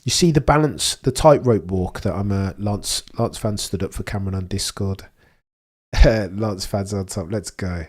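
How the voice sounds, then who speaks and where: A young man hosts a live watchalong, his voice on the low side, unhurried and a little mellow. His casual commentary rambles and is full of opinions, and he often restarts his sentences.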